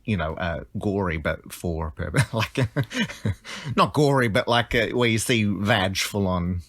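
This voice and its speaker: A man's voice: lowish voice, unhurried, a bit bright, no room sound. A man co-hosting a podcast in casual chat, easygoing and giggly as he explains things. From Australia. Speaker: podcast co-host.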